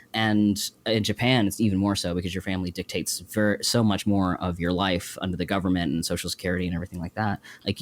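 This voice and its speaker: A man, a podcast guest, talking in a casual, animated, emotional way about a story. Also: sits low. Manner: animated, emotional retelling with acted quotes.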